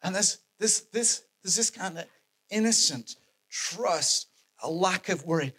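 Man, sermon, emphatic, repetitive, very expressive intonation. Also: high voice, a little slow, husky. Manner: animated, emphatic repetition of phrases. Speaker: preacher.

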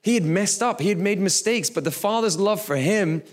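A man's voice: high-pitched, expressive, moderate pace. A man in his thirties, a pastor preaching a sermon in a conversational, storytelling way with occasional laughs.

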